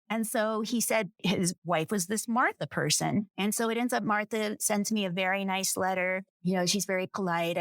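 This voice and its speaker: A woman of about sixty, a podcast guest and author, telling a personal story and acting out quoted lines with lively jumps in pitch. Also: normal speed, hardly any pauses, no room sound, studio quality. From United States.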